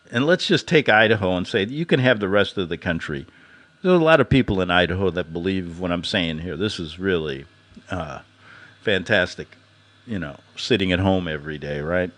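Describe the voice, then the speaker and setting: A man's voice: deep voice, animated, moderate pace, a bit bright. A man hosting a podcast, delivering a sarcastic satirical monologue and laughing at his own jokes. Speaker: podcast host.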